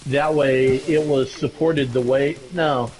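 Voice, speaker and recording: A man talking while gaming, halting and frustrated, with many fillers. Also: medium pitch, steady tone, a little mellow. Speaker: gamer streaming. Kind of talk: casual chat while gaming.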